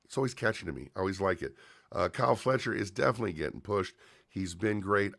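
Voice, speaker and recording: A man's voice: low voice, creaky, a bit bright, dry recording, studio quality. A man hosting a livestream, casually reviewing a wrestling show in a chatty, opinionated way with frequent fillers and restarts.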